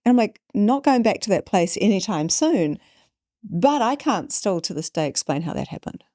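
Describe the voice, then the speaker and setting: Kiwi woman telling a story on a podcast, lively, does the voices, dry close mic. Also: medium pitch, moderate pace, no room sound. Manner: animated, acts out quoted voices. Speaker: podcast guest. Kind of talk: storytelling in conversation.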